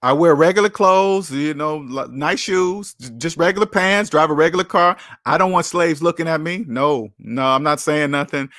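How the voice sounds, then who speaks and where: A man hosts a personal finance livestream and talks straight to his chat. His voice sits a little high. He lectures bluntly and repeats phrases to drive his points home, and the sound is dry and close with no room echo. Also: normal speed, few pauses, a bit bright. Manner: blunt, preachy, repeats key phrases for emphasis. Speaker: personal finance channel host. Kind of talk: livestream talk answering chat.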